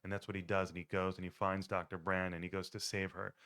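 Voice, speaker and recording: Man, lowish voice, casual rambling film recap, restarts often. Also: little pitch movement, fast, a bit bright. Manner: rambling, self-correcting retelling. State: choked up, near tears; tired. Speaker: podcast host.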